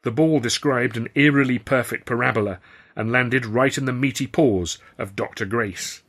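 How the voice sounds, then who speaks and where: Bright, husky male storyteller. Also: mid-range voice, moderate pace. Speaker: author reading his novel. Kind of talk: first-person audiobook narration.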